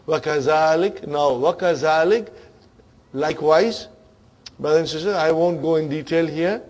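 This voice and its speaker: A man teaching an Arabic grammar class, quizzing his students with repeated questions and murmuring quiet words of praise. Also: fairly high pitch, normal speed.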